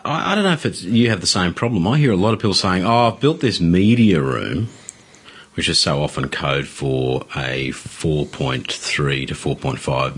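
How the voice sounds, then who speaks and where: Very deep-voiced, husky podcast host. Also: male voice, a bit bright. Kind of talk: casual podcast chat.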